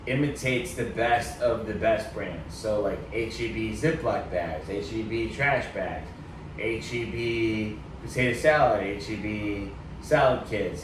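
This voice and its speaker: A man from Texas telling a bar story in casual, profane podcast chat, getting loud when he quotes himself. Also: on the low side, background noise. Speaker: podcast co-host. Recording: roomy echo, distant mic.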